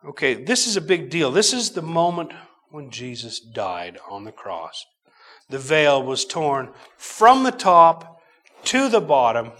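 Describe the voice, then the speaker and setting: A middle-aged man preaching a sermon, teaching from scripture slowly and emphatically, swinging between loud bursts and quiet asides. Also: a little high.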